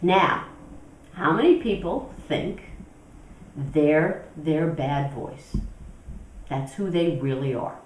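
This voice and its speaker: A woman's voice: low voice, slow, a little mellow, distant mic, a little hiss or hum. A woman spiritual teacher leading an interactive teaching talk, questioning her audience and acting out inner voices. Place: teaching room with a group. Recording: echoey room, recorded from afar.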